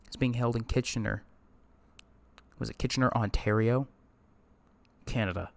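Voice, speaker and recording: A man's voice: medium pitch, moderate pace, creaky. Profane ranting man hosting an esports podcast. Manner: profane, ranting, talks to live chat. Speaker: podcast host. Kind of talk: casual solo esports podcast rant. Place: indoors at a streaming setup.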